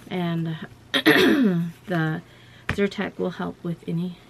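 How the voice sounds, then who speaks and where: A woman's voice: lowish voice, expressive, very slow, gravelly, slight background noise. A woman vlogger telling a personal story in a casual, rambling way, full of "you know" and "like.".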